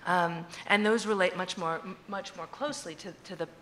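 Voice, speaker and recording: Bright-voiced woman on a conference panel. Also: lowish voice, normal speed, slight background noise. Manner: thoughtful, many restarts and "right?" checks. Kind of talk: academic panel discussion. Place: conference hall.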